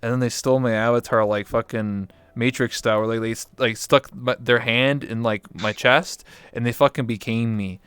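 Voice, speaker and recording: Animated swearing young man telling stories. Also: medium pitch, moderate pace, few pauses, smooth, no room sound. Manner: animated, swears freely, acts out his own reactions. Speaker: guest. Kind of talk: casual storytelling chat.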